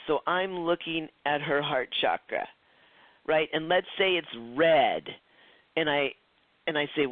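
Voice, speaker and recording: A man with a fairly high voice leads a psychic development class. He talks in a loose, chatty way, acts out quoted dialogue and often restarts his sentences. The sound is tinny and phone-like, with a dry, close feel. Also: no echo. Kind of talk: recorded class lecture.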